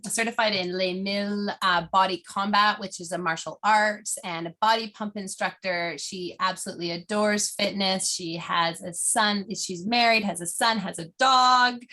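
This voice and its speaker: Bubbly woman hosting with bright voice. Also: medium pitch. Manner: bubbly, laughs often, rambling. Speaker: host. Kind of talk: casual interview chat.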